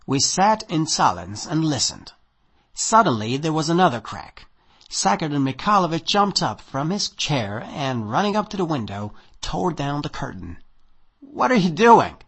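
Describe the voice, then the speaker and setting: Husky, expressive male storyteller. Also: fairly high pitch, moderate pace. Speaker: narrator. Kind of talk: audiobook reading of a short story.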